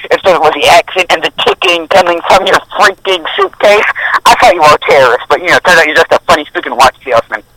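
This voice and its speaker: A man's voice: fairly high pitch, sing-song, fast, bright, forceful tone, no echo, heavily acted, low-quality recording. A man voicing a casual male airport security guard in a comedy skit. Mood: offhand.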